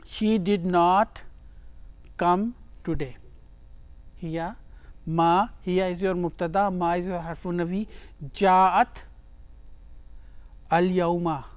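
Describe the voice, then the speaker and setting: Slow, deliberate grammar teacher. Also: mid-range voice, steady tone, clear, resonant tone, no room sound. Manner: reads a phrase, then translates and explains it step by step; repeats words and phrases for emphasis. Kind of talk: Arabic grammar lesson.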